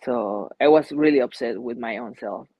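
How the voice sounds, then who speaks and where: A man's voice: mid-range voice, moderate pace, lo-fi sound, a little hiss or hum. A young man, a fighter answering interview questions in a loose, rambling way with many fillers and restarts. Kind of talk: casual interview.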